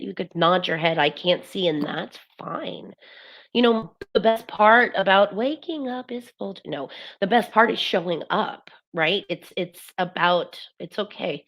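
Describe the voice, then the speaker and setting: Brief: husky woman medium, unhurried and chatty, reads viewer comments live. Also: medium pitch, a bit bright. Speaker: spirit medium. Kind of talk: live-streamed spiritual talk.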